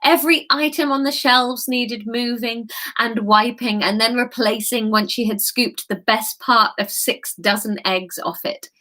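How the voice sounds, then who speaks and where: A woman's voice: on the high side, measured pace, sharp tone. A woman reading her own book aloud, breaking off into giggly, self-mocking asides. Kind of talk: casual read-aloud livestream.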